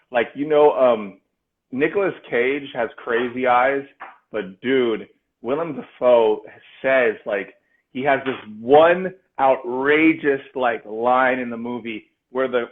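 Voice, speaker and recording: An excitable man co-hosts a loose chat and swears freely, dropping dude and bro as he goes. His voice comes through thin and phone-like, and it sits at an ordinary pitch for a man. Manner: excitable, swears a lot, slangy. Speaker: podcast co-host. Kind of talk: casual chat. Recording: tinny phone-like sound.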